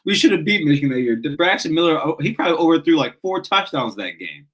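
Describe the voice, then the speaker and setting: Fired-up ranting sports fan host. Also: male voice, on the high side, big pitch swings, fast, fairly bright tone, rough recording. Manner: passionate, ranting, swears, stumbles and restarts. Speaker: sports call-in show host. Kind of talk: casual fan talk show.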